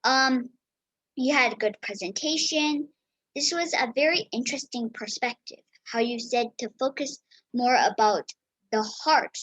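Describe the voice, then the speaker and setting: A woman's voice: high voice, fairly bright tone, no room sound, poor audio. A woman judging a speech tournament, handing out friendly praise with many ums over a video call. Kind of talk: casual spoken feedback.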